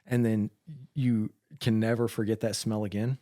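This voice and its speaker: A man's voice: on the low side, level tone, moderate pace, no room sound. Podcast guy telling gross medic stories, cracks himself up, dry sound. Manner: joking, laughs at his own dark humor. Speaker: podcast co-host, emergency medical worker. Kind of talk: casual chat.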